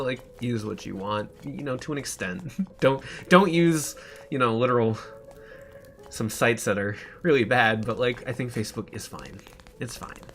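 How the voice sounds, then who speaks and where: A man's voice: fairly low pitch, fairly bright tone. A young man streaming a game, rambling in casual chat and laughing often.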